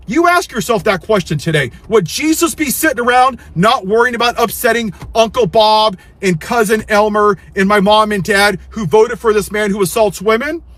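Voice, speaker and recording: Man, high voice, confrontational preachy delivery, very dry close recording. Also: fairly bright tone, no echo. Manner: preachy, confrontational, rhetorical questions. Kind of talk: direct-to-camera commentary.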